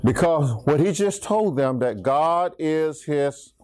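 A man's voice: lively intonation, slow, a little mellow. A middle-aged man, teaching from the Bible as a pastor and having the congregation finish his lines. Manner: preachy, swings pitch, asks congregation to finish lines. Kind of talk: call-and-response Bible teaching.

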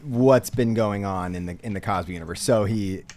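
A man's voice: lowish voice, moderate pace, darkish tone, a little hiss or hum. A man hosting a podcast, talking casually and earnestly with some fillers. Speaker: podcast host. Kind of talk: casual chat.

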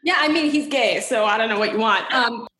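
A woman's voice: on the high side, fairly quick, sharp tone, reverberant, low-quality recording. A woman co-hosting a podcast in casual chat, rambling and giggly, swearing freely. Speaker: podcast co-host.

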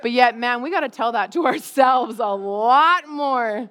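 Woman pastor preaching, high voice, chatty and animated, laughs a lot. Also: unhurried. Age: adult parent. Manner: animated, laughs often, acts out quotes. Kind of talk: conversational sermon.

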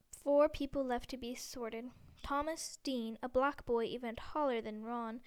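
A woman reads a storybook aloud in a steady, gentle way, now and then catching a small slip. Her voice is high and rings smooth and clear. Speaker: audiobook reader. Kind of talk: storybook narration.

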